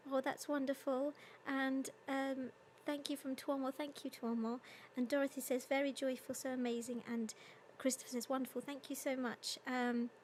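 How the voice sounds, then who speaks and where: Chatty young woman with a higher voice. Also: a little hiss or hum. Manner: chatty, giggly, with many ums. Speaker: singer hosting a livestream concert. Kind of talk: casual chat reading viewer comments.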